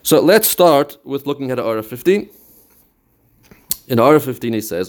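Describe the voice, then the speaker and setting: Lively in intonation and fairly quick, a Torah teacher with a medium-pitched voice explains a Talmudic text step by step. He chants passages as he quotes them and weaves Hebrew and Yiddish terms into his English.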